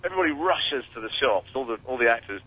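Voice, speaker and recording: A man's voice: medium pitch, animated, quick pace, breathy edge, no echo, dull audio. An English man calling in by phone to a radio show, joking and making fun of himself. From England. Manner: wry, self-mocking, joking. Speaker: celebrity caller. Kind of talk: casual phone-in chat. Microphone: phone while driving.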